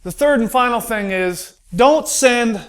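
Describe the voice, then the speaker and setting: A man's voice: extremely high pitch, expressive, a little slow, a bit bright. An American man doing a stand-up comedy routine, telling stories and acting out the dialogue. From United States. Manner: storytelling, acts out dialogue.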